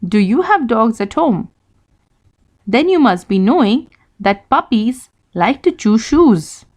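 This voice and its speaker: Slow, lively woman teaching children. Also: on the high side. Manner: slow, lively, questions to young pupils. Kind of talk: children's English lesson.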